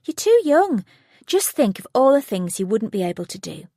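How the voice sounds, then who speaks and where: A pushy teenage girl who likes to be in control, talking insistently and pitched high, as a woman reading an audiobook puts her on. The voice rises sharply when she presses her point, recorded dry and close. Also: big pitch swings, normal speed, warm tone, dry recording. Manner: insistent, persuasive.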